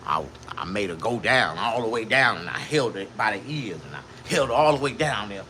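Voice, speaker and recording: Lively, bright-voiced male comedian. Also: fairly quick, slight background noise. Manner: profane, boastful storytelling; animated, with sudden jumps to a high voice. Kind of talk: crude comedic monologue.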